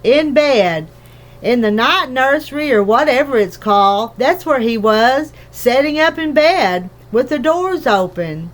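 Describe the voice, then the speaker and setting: A small, careful father explains himself in rambling, homely country speech, as a woman reads him out. He talks slowly, turning things over as he goes. A storybook figure with plain manners. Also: high voice, lively intonation. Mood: explaining. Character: small careful father, tiny borrower man. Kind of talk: storybook reading.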